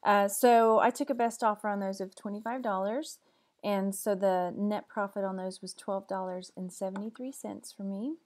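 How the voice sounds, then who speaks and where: A woman from Texas who resells online, chatting in a casual vlog and calmly running through each item's price and net profit. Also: medium pitch, normal speed. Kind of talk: casual sales update vlog.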